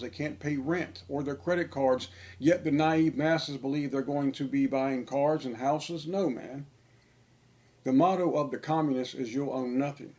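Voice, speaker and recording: Male online preacher, average pitch, insistent sermonizing delivery. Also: a little mellow. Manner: emphatic, preachy, repeats phrases for stress. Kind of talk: sermon-style monologue.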